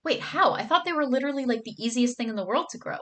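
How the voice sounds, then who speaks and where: A woman's voice: on the high side, lively intonation, quick pace, fairly bright tone. A young woman streaming, chatting casually with her viewers and reading their comments aloud, gushing and bubbly, with lots of "like" and "oh my god".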